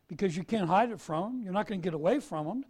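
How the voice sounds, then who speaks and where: A male preacher giving a sermon, swinging from soft confession to loud emphasis. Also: sits high, expressive, quick pace, husky.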